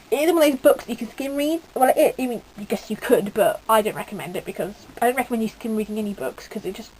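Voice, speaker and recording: A woman's voice: a little high, a little mellow, a little hiss or hum, poor audio. Gushing teenage girl reviewing a book. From United Kingdom. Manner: gushing, rambling with many fillers. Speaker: book vlogger.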